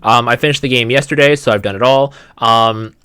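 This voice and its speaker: A man's voice: medium pitch, fairly quick, sharp tone, clean tone. A young man from Canada hosting a casual podcast, chatty with lots of ums. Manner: chatty, many ums and restarts. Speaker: podcast host. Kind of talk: casual chat.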